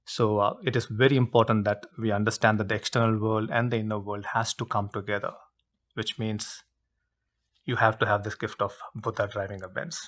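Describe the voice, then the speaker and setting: A man's voice: on the low side, level tone, brisk, a bit bright. Earnest man with a preaching cadence. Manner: emphatic, repetitive, preaching cadence. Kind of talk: earnest interview explanation.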